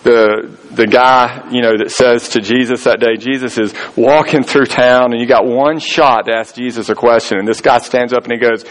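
A man's voice: mid-range voice, steady tone, normal speed, hardly any pauses, low-quality recording. A man preaching a sermon in a conversational storytelling way, acting out the voices of people he quotes. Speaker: pastor.

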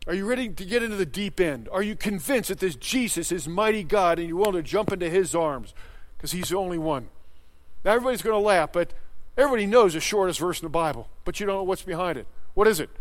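A man in his sixties preaching a sermon, emphatic, firing rhetorical questions and swinging between loud and hushed. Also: sits high, lively intonation, a little fast. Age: 60s. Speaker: pastor.

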